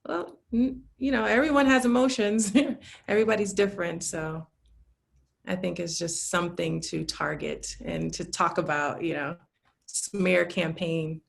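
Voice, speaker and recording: A woman speaking in a casual panel discussion, relaxed with many fillers. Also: lowish voice, unhurried, vocal fry.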